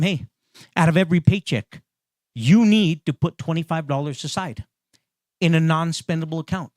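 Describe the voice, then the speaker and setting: A man's voice: a little high, dry recording, studio quality. A male pastor preaching in a conversational way, restarting phrases and building to emphatic repetitions. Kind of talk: sermon.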